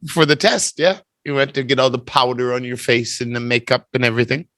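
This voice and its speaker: A man teaching English on a video call in a teasing, chatty manner. His voice sits at a middle pitch and sounds dry and close, with no room around it. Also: steady tone, fairly quick, fairly bright tone, no echo. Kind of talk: online speaking test over video call.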